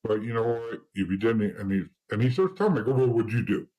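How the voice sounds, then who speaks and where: A man's voice: fairly low pitch, expressive, fast, warm tone, breathy edge, rough recording. A man guest in an interview, telling stories in blunt casual talk with swearing and acting out the dialogue of the people in them.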